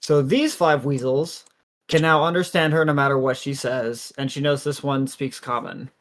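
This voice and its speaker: A tabletop player describing their character's moves in a loose, casual way. They joke around and swear often, with a lively, animated delivery. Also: medium pitch, normal speed. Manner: profane, joking, animated.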